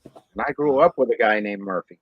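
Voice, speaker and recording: A man's voice: lowish voice, brisk, slightly rough, dry recording. A man on a panel telling dry anecdotes in casual chat. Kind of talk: casual web show chat. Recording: dull dry lo-fi audio.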